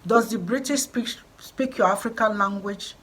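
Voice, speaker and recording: A Nigerian woman of middle age speaks straight to her viewers with a voice of middling pitch. She presses each point home, repeating herself like a preacher addressing a flock. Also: moderate pace, a bit bright, low-quality recording. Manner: emphatic, repetitive, preaching tone. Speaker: vlogger. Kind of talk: encouraging vlog talk.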